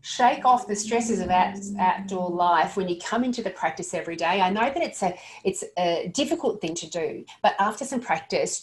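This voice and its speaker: This woman's voice is on the low side with a darkish tone as she instructs dental staff in an earnest, practical way. Now and then she trips over her words and starts sentences again.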